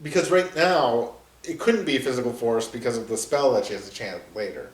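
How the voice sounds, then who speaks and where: A man guesting on a casual film commentary, laid-back and quick to laugh. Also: mid-range voice. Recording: roomy echo, distant mic.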